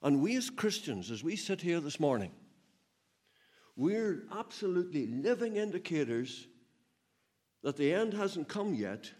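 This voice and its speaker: A man preaching a sermon, swinging between loud emphatic peaks and low, quiet asides, with a chuckle now and then. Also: sing-song, measured pace, long pauses. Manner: laughs while telling stories.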